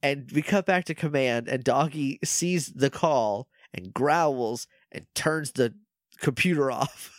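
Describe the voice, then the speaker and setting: A young man co-hosting a podcast, chatting casually and acting out characters' lines in quick voices. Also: mid-range voice, dry recording, clean studio sound. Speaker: podcast co-host. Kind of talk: casual recap chat.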